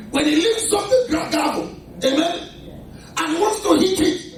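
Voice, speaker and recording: High-voiced Nigerian-accented preacher in a hall. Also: male voice. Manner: animated, shouting, laughing, call-and-response. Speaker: pastor. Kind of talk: sermon. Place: church. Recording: echoey church hall, mic at a distance, congregation audible. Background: responding congregation.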